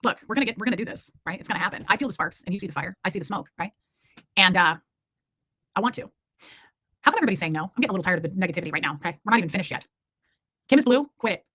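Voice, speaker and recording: Fast-talking frank woman streamer. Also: medium pitch, animated, pushed and bright, breathy edge, no room sound. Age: 40s. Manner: candid, rambling, jokey, reacts to chat. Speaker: livestream host. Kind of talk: casual livestream chat reading comments.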